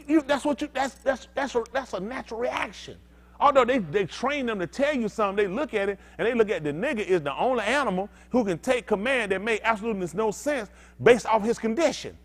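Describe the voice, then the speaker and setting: Animated preaching man, lively pitch. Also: fast. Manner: animated, conversational, swings from loud to quiet. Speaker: pastor. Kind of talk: informal preaching to a congregation.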